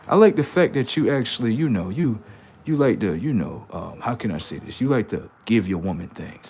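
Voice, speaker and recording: A man's voice: mid-range voice, sing-song, a little fast, darkish tone, slight background noise. A man streaming live, rambling through commentary and stories and checking in with "right?" often.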